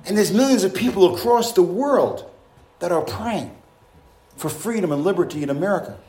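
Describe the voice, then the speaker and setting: A man's voice: high voice, lively intonation, normal speed, mellow. A male pastor preaching a fervent sermon, with frequent hallelujahs and rhetorical questions to the congregation. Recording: roomy, echoing room.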